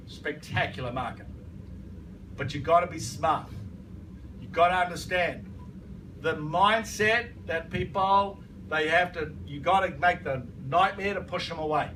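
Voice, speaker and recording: A man with a fairly high voice leads a business training session in front of a live audience. He is emphatic and repetitive, and he keeps asking the room to confirm they agree. The recording picks him up from a distance, with a noisy room behind him. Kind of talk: motivational training talk.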